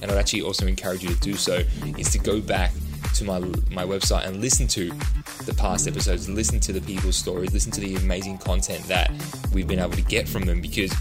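A man's voice: low-pitched, level tone, fast talker. A male podcast host giving an upbeat, enthusiastic intro to his show. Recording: intro over loud music.

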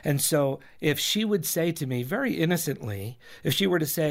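Pastor guest, male, slightly high pitch, earnest teaching tone, talks through examples. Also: lively intonation, normal speed. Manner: explains with examples, repeats himself while thinking. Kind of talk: earnest advice in a recorded talk.

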